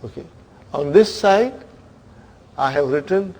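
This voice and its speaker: Slow-paced patient male teacher. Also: a little high, expressive, a little mellow. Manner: patient, repeats words slowly, checks in with students. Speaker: Arabic teacher. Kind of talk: classroom lesson.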